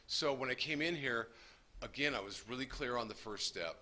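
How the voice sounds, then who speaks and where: A man shares his story earnestly with a recovery group at a moderate pace, his medium-pitched voice bright and forceful. His delivery is emphatic and folksy.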